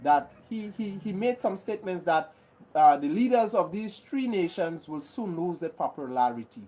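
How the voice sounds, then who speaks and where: A woman from Grenada hosts a live chat, answering viewer comments. Her voice sits fairly low and sounds mellow. She talks earnestly, restarting and repeating herself as she goes. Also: expressive, moderate pace. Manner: earnest, repetitive, with many restarts. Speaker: livestream host.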